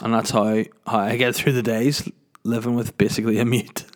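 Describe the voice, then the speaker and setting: A man's voice: medium pitch, little pitch movement, fairly quick. A man with a Northern Irish accent who hosts a podcast and talks in a rambling, jokey way, full of filler words. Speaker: podcast host. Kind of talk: casual podcast monologue.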